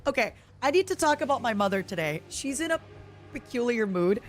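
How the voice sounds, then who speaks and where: A woman streamer chatting casually while she plays, excitable and giggly, breaking into squeals. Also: on the high side, fairly quick. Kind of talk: casual live-stream chat while gaming.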